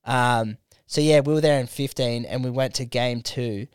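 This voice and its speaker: A man's voice: medium pitch, normal speed, smooth, no echo, clean studio sound. A young Australian man telling stories in casual podcast chat, swearing freely and filling his speech with "like". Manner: laid-back storyteller, swears freely, lots of "like".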